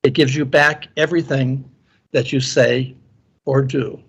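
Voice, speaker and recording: A man voicing a wise, calm father teaching his son in a story he reads aloud. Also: medium pitch, a little slow, vocal fry, husky. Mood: gentle.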